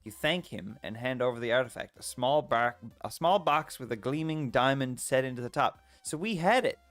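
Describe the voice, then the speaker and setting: A man's voice: mid-range voice, animated, moderate pace, fairly bright tone, no room sound. Guy streaming a text adventure, reads it out and cracks up a lot, dry close mic, faint music behind. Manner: playful, laughs often, reads lines then reacts. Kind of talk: reading a text adventure aloud with commentary.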